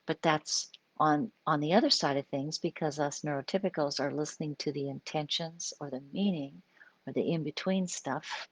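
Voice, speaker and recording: A psychologist from the US Pacific Northwest hosts an informal live stream, explaining things in a low voice at normal speed. She keeps it conversational and often checks in with "right?", and there's no room sound.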